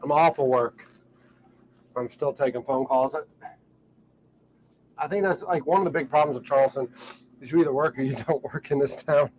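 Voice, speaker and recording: A man, chatting casually in a relaxed, rambling way with lots of fillers, recorded on a boat outdoors. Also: medium pitch, normal speed, long pauses, a little hiss or hum, poor audio. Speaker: vlogger. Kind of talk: casual vlog talk.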